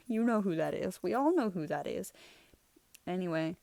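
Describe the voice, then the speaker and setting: A woman's voice: lowish voice, lively intonation, moderate pace, creaky, a little mellow, no room sound. A young woman hosting her channel, chatting casually and rambling through her old drawings, laughing often. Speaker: channel host. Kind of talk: casual art review chat.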